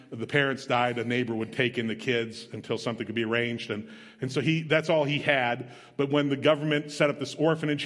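A man preaching a sermon, retelling a story in a plain, conversational way with emphatic asides. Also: mid-range voice. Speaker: missionary preacher. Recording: long reverb of a large hall.

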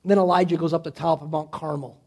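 A man preaching, dramatically retelling a Bible story, swinging from loud to hushed. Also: fairly high pitch, steady tone, fast, breathy edge. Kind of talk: animated Bible storytelling sermon.

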